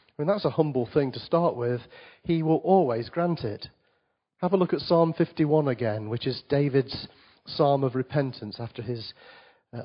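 Husky-voiced male pastor preaching. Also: mid-range voice, muffled recording. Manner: reads scripture aloud, then drops to quiet, earnest asides. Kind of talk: sermon.

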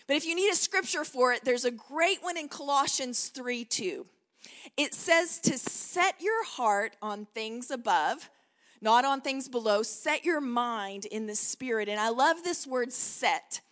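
A woman's voice: high voice, expressive, measured pace, fairly bright tone. A woman in her forties with a Texan accent, preaching as a guest pastor in an encouraging manner and leading the congregation in call-and-response. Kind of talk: sermon.

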